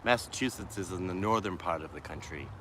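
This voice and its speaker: Deep-voiced and faintly Boston-accented, this livestreamer speaks over background noise from a wooded city park in the shade. He answers viewers' comments in an unhurried, musing way, letting sentences trail off before restarting.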